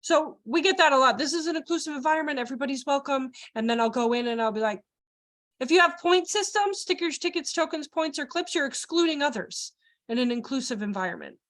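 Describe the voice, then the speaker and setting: A young woman leading a child care training workshop, joking with the audience and acting out quoted voices in a lively way. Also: high-pitched, brisk. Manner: animated, acts out quoted voices, jokes with the audience.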